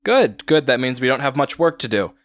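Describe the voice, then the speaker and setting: A man voicing a composed, serious village woman who mentors a young singer, speaking in a measured, quiet way. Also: mid-range voice, expressive, no room sound, lightly acted. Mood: grave.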